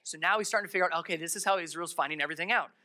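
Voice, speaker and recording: A pastor delivers a sermon in a relaxed, chatty storytelling manner, stopping for asides and questions to the congregation. The voice is bright and forward, at a medium pitch. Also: very fast. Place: church service held in a darkened theater.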